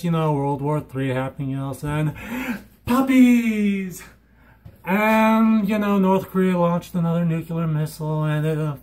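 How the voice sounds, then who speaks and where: Hyper high-voiced young man vlogging. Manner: hyper and giddy, swinging from squeals to mutters. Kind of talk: hyper casual vlog monologue.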